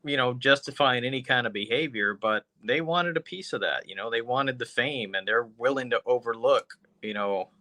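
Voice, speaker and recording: A man's voice: medium pitch, moderate pace, hardly any pauses, bright, forceful tone, dry recording. A man co-hosting a comedy podcast, chatting loosely and profanely, leaning on "you know" as he talks. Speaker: podcast co-host. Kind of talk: casual podcast chat.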